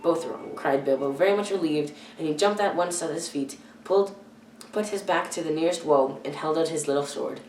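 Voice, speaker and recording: A teenage girl reading a children's novel aloud, careful and halting, often stumbling and correcting herself. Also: low-pitched, darkish tone, faint music behind. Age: teens. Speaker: youth reader. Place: church hall. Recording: echoey room, far from the mic.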